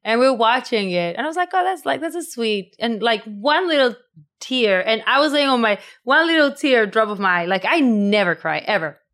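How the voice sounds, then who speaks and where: A woman's voice: fairly high pitch, animated, moderate pace, fairly bright tone. A young woman telling stories in a casual podcast chat, filling her speech with "like". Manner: storytelling, peppered with "like".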